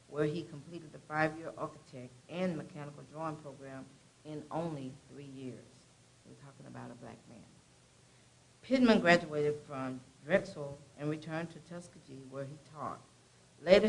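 A woman's voice: low-pitched, slight background noise, low-quality recording. A woman on a college staff reading a short biography aloud, casual and chatty, with brief asides.

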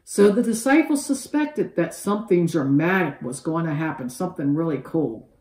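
A woman teaching a children's Bible lesson, telling the story with animated, expressive voices for each character. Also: sits low, normal speed, roomy sound, rough recording.

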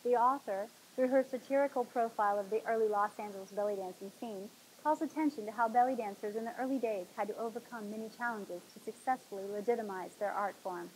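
A woman hosting a talk show, reading a novel aloud in a dramatic, expressive way. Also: fairly high pitch, slight background noise, poor audio.

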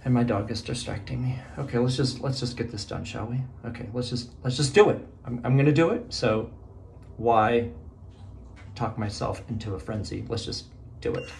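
A man's voice: mid-range voice, moderate pace, vocal fry, a little mellow, a little hiss or hum. A middle-aged male teacher talking casually to his phone from a small bathroom, nervous and rambling, exclaiming to himself as he goes. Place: small bathroom, sitting in a bathtub. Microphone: phone propped nearby.

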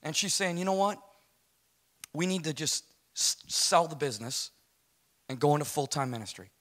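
A middle-aged American man, a guest speaker, gives an emotional personal testimony, telling his story, acting out dialogue, and often checking in with "right?". His voice is a little high and a bit bright, with lively intonation at a moderate pace.

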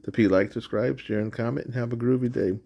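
A man's voice: mid-range voice, fairly even intonation, fast, gravelly, slightly rough, lo-fi sound. A man hosting his channel, reading a picture book aloud with roaring sound effects. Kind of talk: storybook read-aloud.

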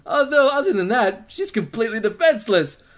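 A man hosting a let's play, reading the game's text aloud between loud, excitable reactions: yelps, shrieks, laughter and plenty of swearing. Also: extremely high pitch, a little fast.

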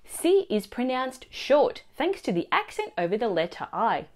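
A woman teaching a language lesson, explaining phrases and their pronunciation clearly and slowly. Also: fairly high pitch, big pitch swings. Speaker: Italian teacher.

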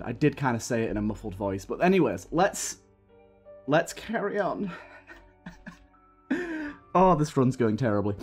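In this gaming commentary, a young man with a fairly high but darkish voice drifts through a story from his childhood, now and then snapping in frustration at his run. Game music sits faintly underneath.

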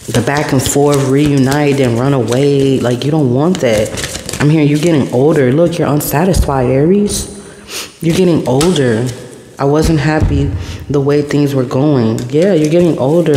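Man giving a tarot reading in an echoey room. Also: medium pitch. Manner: repetitive, meandering, speaking messages as they come. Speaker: tarot reader. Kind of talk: intuitive tarot reading to camera. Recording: echoey room with long reverb and steady background noise.

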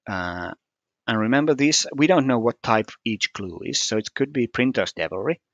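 A man's voice: mid-range voice, expressive, normal speed, dry recording, lo-fi sound. A man walking through a puzzle solution step by step, hesitant and methodical, with frequent fillers. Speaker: puzzle solver explaining solutions. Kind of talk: screen-recorded puzzle walkthrough.

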